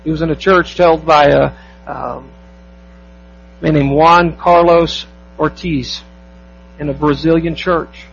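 A man preaching a sermon as pastor, emphatic, asking the congregation rhetorical questions and slowing down to stress key phrases. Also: fairly high pitch, steady tone, creaky, dull audio, a little hiss or hum.

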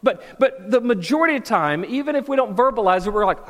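A pastor preaching a sermon in a church hall, telling stories, repeating words and asking the crowd questions. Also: male voice, sits high, fast talker, hardly any pauses. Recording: long hall reverb.

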